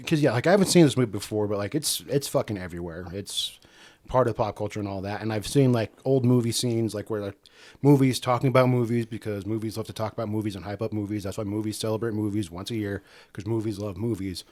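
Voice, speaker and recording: Casual co-host, man, lowish voice, swears a lot, rambling "like"-filled talk. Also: quick pace, darkish tone. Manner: loose and profane, heavy use of "like". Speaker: podcast co-host. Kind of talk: casual movie discussion podcast.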